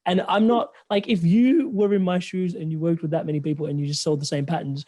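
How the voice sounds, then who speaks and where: Man host, slightly higher voice, thoughtful, dry close sound. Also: steady tone, a little fast, dark tone, no room sound. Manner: reflective, searching for words. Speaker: podcast host. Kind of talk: casual interview talk.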